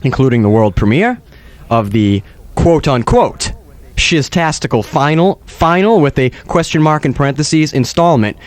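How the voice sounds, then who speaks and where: Playful rambling male radio host, animated and fairly high. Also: normal speed. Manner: rambling, playful, mock-dramatic. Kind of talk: comedic radio banter.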